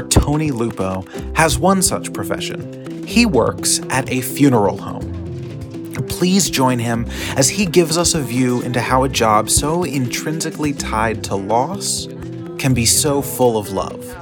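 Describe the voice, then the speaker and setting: A man hosting a podcast, reading a scripted introduction in a measured way. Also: medium pitch, lively intonation. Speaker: podcast host. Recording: clear guitar music underneath. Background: guitar music.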